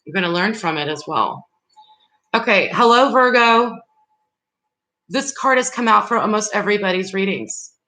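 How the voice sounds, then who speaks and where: A woman's voice: mid-range voice, animated, fairly quick, few pauses, bright, forceful tone, a little hiss or hum, rough recording. A woman giving live tarot readings, speaking directly and reassuringly to her viewers in a loose, rambling way. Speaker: tarot reader.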